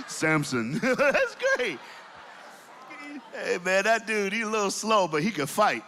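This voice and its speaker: High, bright-voiced man preaching in a hall. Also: measured pace. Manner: animated storytelling with call-and-response. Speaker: youth speaker. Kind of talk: energetic preaching to a crowd. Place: large hall before an audience. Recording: long hall reverb.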